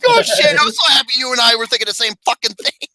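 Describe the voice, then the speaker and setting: A man's voice: very high-pitched, expressive, quick pace, bright, forceful tone, no echo. A man co-hosting a podcast in casual chat, teasing the others with crude jokes. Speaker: podcast co-host.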